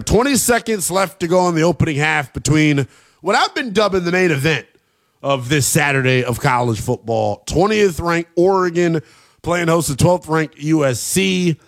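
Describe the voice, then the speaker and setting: A fired-up male radio host runs a late-night college football show from a studio mic. His voice sits a little high for a man and he leans hard into emphatic, slangy hype, with a faint music bed underneath. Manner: animated, hyped, emphatic, slangy.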